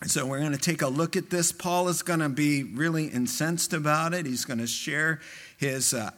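A man preaching a sermon as pastor, emphatic and animated. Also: mid-range voice. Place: church hall with sound system.

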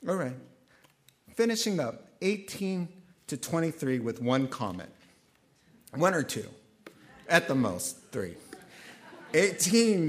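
A man preaching in a loose, conversational way, his voice sitting a little high. His pitch swings widely as he preaches, rising high and then dropping to a hush. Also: slow pace, long pauses. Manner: animated, conversational preaching with sudden quiet drops. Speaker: pastor. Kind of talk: sermon.

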